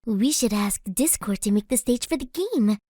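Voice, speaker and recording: A woman reading a fan audiobook and voicing a gentle, shy young female pegasus pony who speaks softly and sweetly. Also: on the high side, lively intonation, moderate pace, dry recording. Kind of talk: audiobook character voice.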